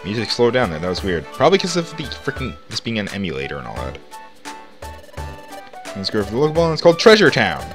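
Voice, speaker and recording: Chatty man with a lively bright voice. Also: fairly low pitch, quick pace, soft background music. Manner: rambling, chatty, lots of "like" fillers. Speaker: let's play host. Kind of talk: casual gameplay commentary.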